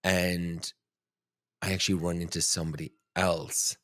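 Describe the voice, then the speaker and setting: A man from Ireland in his thirties, hosting a podcast and telling animated dating stories in casual chat, swearing freely. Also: low voice, unhurried, no echo. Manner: animated storytelling, swearing, frequent "like". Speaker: podcast host.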